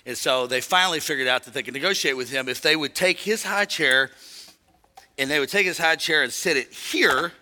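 An older man preaching a sermon, telling a family story with call-and-response and shouts at the high points. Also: brisk, long reverb tail. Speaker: pastor. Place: church sanctuary.

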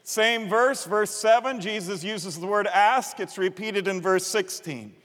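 Animated high-voiced male preacher in a hall. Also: a little slow. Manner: animated, explaining, invites congregation to repeat words. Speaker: pastor. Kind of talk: sermon teaching from slides.

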